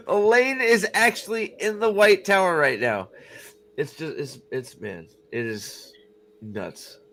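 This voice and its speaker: Animated swearing man hosting a podcast. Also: high-pitched, slow. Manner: animated, swearing, mocking voices when quoting. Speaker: show host. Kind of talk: casual podcast chat.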